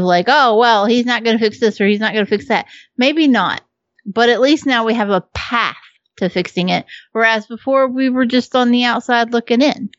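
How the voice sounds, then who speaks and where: A woman's voice: on the high side, no room sound, dull audio. A woman co-hosting a podcast in casual chat, talking frankly, swearing now and then, and laughing easily. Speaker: podcast co-host.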